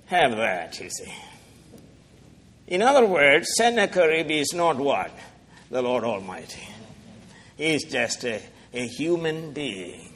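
A male preacher delivering a sermon in a church, his slow, deliberate delivery rising from hushed asides to soaring, impassioned lines. His voice sits fairly high for a man. Long reverb from the hall trails every phrase. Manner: impassioned, swings from hushed to soaring, asks the crowd questions. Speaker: pastor.

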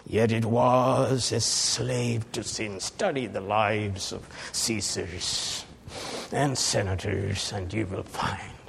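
A man preaching a sermon as pastor, swinging between hushed lines and shouted climaxes. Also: lowish voice, fairly even intonation, takes it slowly, creaky, slight background noise.

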